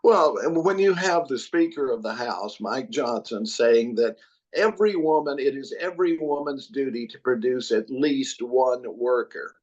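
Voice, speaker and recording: A man's voice: medium pitch, expressive, normal speed, a little mellow, dull audio. A man who is a returning podcast guest, ranting about politics with emphatic repetition and plenty of cursing. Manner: emphatic and profane, repeats phrases for force. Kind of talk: casual political chat.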